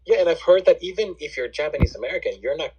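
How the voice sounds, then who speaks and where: A man's voice: on the high side, lively intonation, rapid-fire, dark tone, slight background noise. A man who immigrated, speaking as a guest on a casual podcast, agreeable and full of "you know" and "I mean". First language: not stated; immigrant. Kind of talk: casual chat. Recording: dull lo-fi sound.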